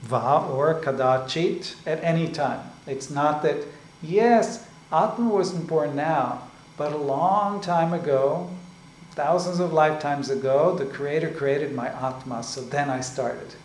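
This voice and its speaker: A man giving a spiritual discourse as a teacher. He explains slowly and often checks in with "right?" and "like this". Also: on the high side, a little mellow. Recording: echoey room with faint ambient noise.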